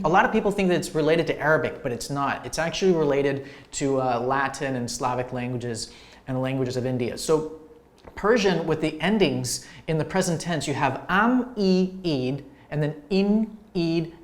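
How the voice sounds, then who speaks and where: Man explaining grammar with many fillers. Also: fairly high pitch. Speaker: language teacher. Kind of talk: explaining language grammar to camera.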